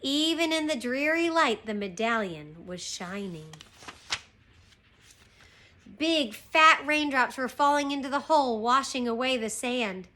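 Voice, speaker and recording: A woman teacher reading a chapter book aloud to her class, slow and expressive. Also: high-pitched, slight background noise. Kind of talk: storybook read-aloud.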